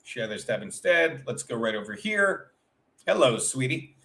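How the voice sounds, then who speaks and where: A man's voice: medium pitch, very animated, moderate pace, bright, forceful tone. A man hosting a livestream, telling a rambling, profane comic story and chatting with viewers as he goes. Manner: profane, tumbling, self-interrupting; chats with live viewers. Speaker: livestream show host.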